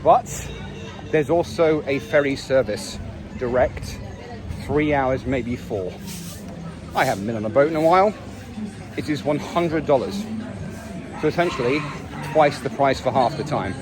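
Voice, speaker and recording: A man's voice: medium pitch, animated, unhurried, pauses often, music in the background, crowd noise. A man talking in a casual, wry travel vlog while walking outdoors on a busy city street. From England. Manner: chatty, wry and self-mocking. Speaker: travel vlogger. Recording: noisy outdoor street recording. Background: street traffic and city noise.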